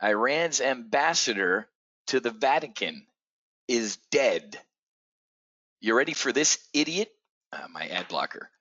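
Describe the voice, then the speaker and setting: A man hosting a live trading stream, talking bluntly and profanely with frequent stammered restarts and excitable outbursts. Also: mid-range voice, a little slow, pauses often, no echo, lo-fi sound. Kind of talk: unscripted live stream talk.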